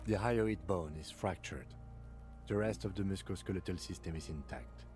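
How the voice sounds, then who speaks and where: An actor playing a calm, methodical male police lieutenant in a video game, speaking in a measured, clinical, dry way. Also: low voice, soft background music, close to an everyday voice.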